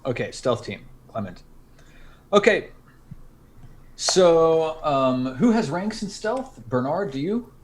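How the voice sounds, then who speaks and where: A man's voice: a little high, sing-song, takes it slowly, long pauses, slight background noise. A man narrating a tabletop role-playing game as game master, casual and hesitant with lots of fillers.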